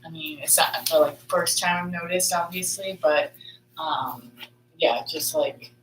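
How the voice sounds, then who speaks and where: A woman workshop participant sharing a reflection in a halting way with many fillers. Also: lowish voice, a bit bright. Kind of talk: casual group sharing. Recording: echoey room with faint hum.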